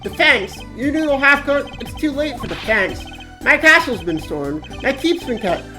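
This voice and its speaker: A woman voicing a pushy middle-aged male noodle vendor with a loud, brash, folksy manner. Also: high voice, big pitch swings, moderate pace, full character voice. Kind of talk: reading game dialogue aloud on a stream. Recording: music playing behind the voice.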